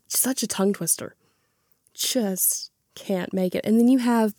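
Woman podcast host, casual film chat, mellow warm tone, dry close sound. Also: medium pitch, dry recording. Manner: chatty and animated, retells scenes with quoted lines. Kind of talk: casual movie review chat.

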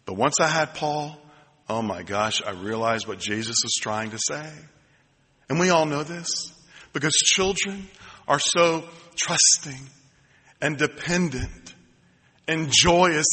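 A middle-aged man preaching from the pulpit, his voice sitting a touch high and ringing bright. He tells warm personal stories with self-deprecating humor. The sound carries a long reverb from the church hall. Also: animated, a little slow, breathy edge. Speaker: pastor. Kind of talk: sermon. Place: church sanctuary.

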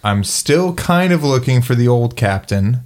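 Male player, casual tabletop session, jokey, halting delivery. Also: medium pitch, expressive, darkish tone. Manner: joking, hesitant with ums. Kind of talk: casual tabletop game play.

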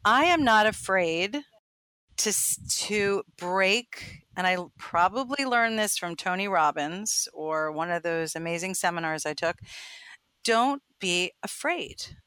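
A woman in her fifties, a photographer guest, telling anecdotes in a bubbly, animated way and acting out the voices in them. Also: on the low side, measured pace, clean tone, no echo. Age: 50s. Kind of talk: casual interview storytelling.

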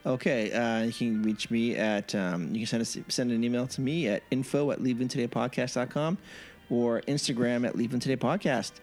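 A man hosting a podcast, wrapping up the episode in a relaxed, halting way full of ums. His voice sits at a middle pitch for a man, with faint music behind it. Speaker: podcast host. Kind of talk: casual sign-off chat.

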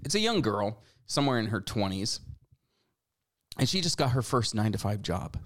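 A man's voice: on the low side, sing-song, moderate pace, fairly bright tone. A man in his forties hosting a talk show, giving sarcastic, scolding commentary. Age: 40s. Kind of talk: opinion commentary.

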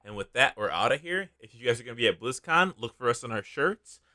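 A man's voice: mid-range voice, expressive, fast, bright, forceful tone. A man hosting a casual podcast, joking around and wrapping up the episode. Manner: joking, self-mocking sign-off. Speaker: podcast host.

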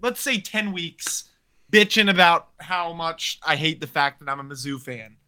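A man with a bright, forceful tone launches into a profane sports rant. He talks casually and heatedly, piling on curses as he complains. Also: a little high, lively intonation, unhurried, clean tone. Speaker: podcast co-host.

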